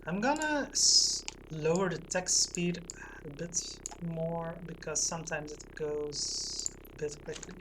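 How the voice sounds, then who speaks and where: Soft-spoken woman streaming a game. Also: deep voice, takes it slowly, heavy background noise. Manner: soft, quiet, chatty with live chat. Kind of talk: casual game playthrough, reading text aloud.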